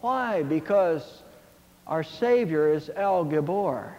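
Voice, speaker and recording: High-voiced preacher in a reverberant hall. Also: male voice, lively intonation, slow, warm tone. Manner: earnest, emphatic preaching, quoting scripture. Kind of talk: sermon with a told fable. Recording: dull lo-fi sound in a reverberant hall.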